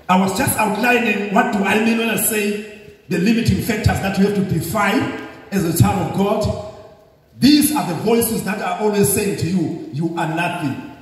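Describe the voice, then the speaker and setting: High, lively preaching man in a hall. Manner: emphatic, repetitive call-and-response preaching. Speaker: bishop preaching. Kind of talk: sermon. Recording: echoey hall, distant mic.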